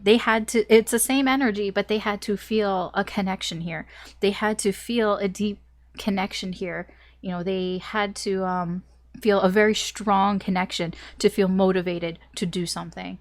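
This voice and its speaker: A young woman doing a casual tarot reading, chatty and rambling with lots of "like" and small laughs, a little choked up with a cough. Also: mid-range voice. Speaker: tarot reader.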